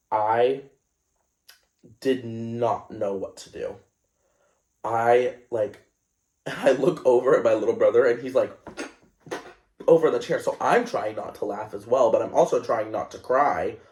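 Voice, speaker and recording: A young man hosting a podcast, telling a story in a casual, animated and self-conscious way, with lots of fillers. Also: medium pitch. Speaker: podcast host. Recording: echoey room.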